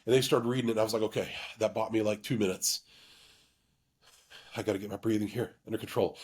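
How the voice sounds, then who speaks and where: Earnest man with a halting delivery. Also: lowish voice, fairly even intonation, darkish tone, breathy edge. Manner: halting, full of restarts and fillers; earnest and emotionally open. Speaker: YouTube channel host. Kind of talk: candid personal storytelling.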